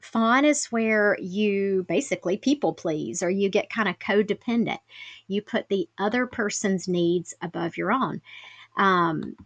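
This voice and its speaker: A woman's voice: mid-range voice, measured pace, dry recording, dull audio. A woman hosting her own podcast in a casual, candid solo talk, chatty and self-deprecating, with lots of "like" fillers. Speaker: podcast host.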